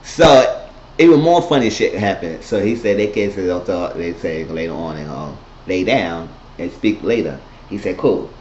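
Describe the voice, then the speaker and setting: A man's voice: deep voice, expressive, moderate pace, darkish tone, slight background noise. A man giving a casual, rambling, profane recap of a TV episode. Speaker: TV recap vlogger. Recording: roomy lo-fi home recording.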